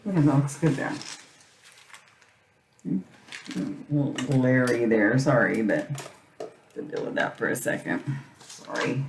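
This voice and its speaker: A woman's voice: very deep voice, slow, creaky, long pauses, distant mic. A middle-aged woman hosting a crafting video, chatting casually and rambling, often repeating her phrases as she works. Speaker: crafting channel host. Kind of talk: casual chat while crafting. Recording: roomy, set back from mic, faint noise.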